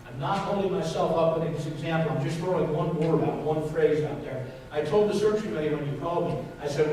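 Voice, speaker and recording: A man's voice: fairly high pitch, darkish tone, a little hiss or hum. A man, a pastor, preaching a sermon with emphatic repetition and questions to the congregation. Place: church sanctuary. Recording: echoey church hall, mic from a distance.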